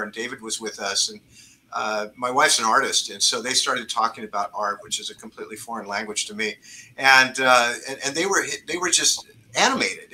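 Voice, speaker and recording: A man on a video call, telling a relaxed anecdote full of fillers. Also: medium pitch, a little hiss or hum, low-quality recording. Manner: relaxed, filler-heavy storytelling. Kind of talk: casual anecdote.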